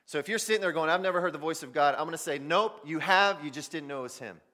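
A man preaching a sermon, swinging between loud emphasis and near-whispers as he speaks directly to his listeners. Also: on the high side, racing. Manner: addresses listeners directly as "guys". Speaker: pastor.

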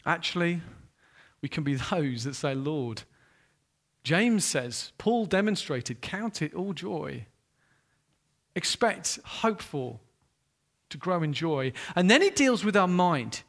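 Animated male preacher. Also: on the high side, slow pace. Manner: animated, swinging from hushed quoted asides to loud exclaiming. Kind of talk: sermon.

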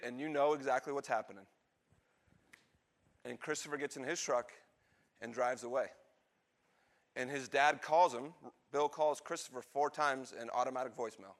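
A man preaching, telling a story and acting out the lines of its characters in an animated way. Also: medium pitch. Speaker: pastor. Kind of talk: sermon storytelling.

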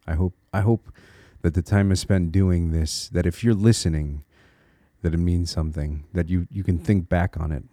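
On his solo podcast, a man from Connecticut, USA speaks in a low, warm voice with a steady tone and normal speed, sounding earnest, reflective and encouraging. He restarts small phrases as he thinks aloud. The audio is dry and clean, studio-grade.

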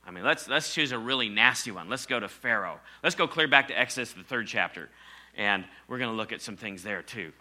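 A man preaching a sermon, emphatic, calling on the congregation and dropping from loud exclamations to near whispers. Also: fairly low pitch, expressive, brisk. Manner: asks the congregation to respond.

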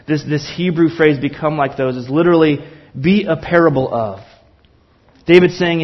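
A man's voice: medium pitch, normal speed, muffled recording. Man preaching earnestly in a sermon. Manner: earnest, impassioned preaching with emphatic repetition. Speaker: pastor.

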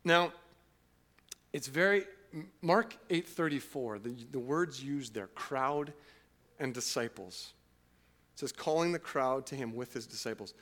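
A man preaching a sermon, moving from loud, emphatic passages to quiet, reflective ones, sometimes acting out a listener's doubts. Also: mid-range voice. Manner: acts out listeners' doubts in a casual, halting voice. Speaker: pastor.

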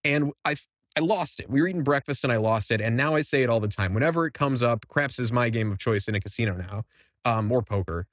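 A young man hosting a podcast, telling a casual story with animated quoted voices. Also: mid-range voice, quick pace, dry recording, clean studio sound. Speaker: podcast host.

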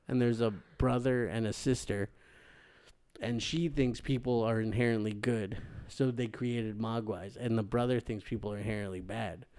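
A man's voice: mid-range voice, warm tone. A man co-hosting a podcast in casual movie chat, loose and laughing often, swearing casually. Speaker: podcast co-host.

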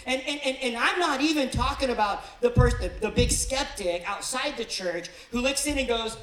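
This pastor's sermon, delivered conversationally in a church auditorium, is captured on a rough, echoey recording. His mid-range voice is a bit bright, lively in intonation and normal in speed, and he occasionally performs the voices of the people he quotes.

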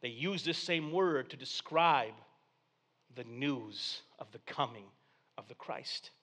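A male pastor delivering a sermon, swinging from hushed, low passages to loud, excited proclamations. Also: slow pace. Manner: dynamic preaching, dropping to hushed tones then rising to loud exclamations.

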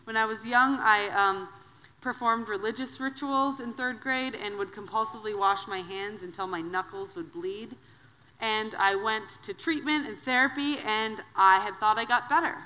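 A woman in her thirties from Wisconsin, medium-pitched, delivers a sermon as a guest preacher in a church sanctuary. She shares personal stories in a conversational, animated way. Long hall reverb colors the recording.

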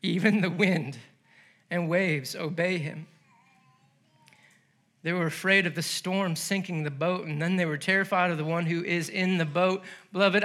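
A male pastor preaching a sermon, animated and laughing as he acts out the story's voices. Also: high voice. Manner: laughs between lines.

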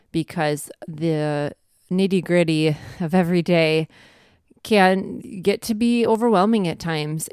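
A woman co-hosting a faith and family podcast, speaking earnestly and warmly. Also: deep voice, clear, resonant tone, no echo, clean studio sound. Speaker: podcast co-host. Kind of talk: casual conversational podcast.

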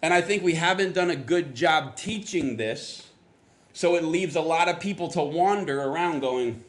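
Animated storytelling pastor, fairly high voice. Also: male voice, moderate pace. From Florida, US South. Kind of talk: conversational sermon.

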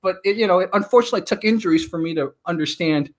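A man in his thirties talking casually as a podcast guest, telling stories and acting out quotes in an animated way. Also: sits high, rapid-fire. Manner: chatty, animated storyteller, acts out quotes.

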